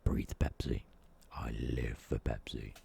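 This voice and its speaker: A man putting on a comically deep, droning voice, joking mock-seriously. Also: little pitch movement, slow pace, creaky, warm tone, slight background noise, full character voice. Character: man's own voice pushed comically deep.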